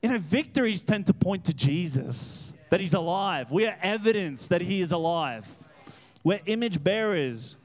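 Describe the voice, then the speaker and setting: A man preaching a lively, animated sermon in church as guest pastor. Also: high-pitched, moderate pace. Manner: animated, laughing, acts out voices. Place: church hall with congregation.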